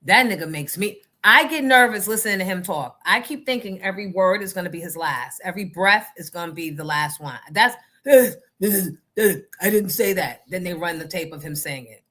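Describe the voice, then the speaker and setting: A woman's voice: fairly low pitch, a little fast, few pauses, sharp tone. A woman hosting a casual livestream show, speaking outspokenly and answering her chat. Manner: outspoken, talks back to the chat.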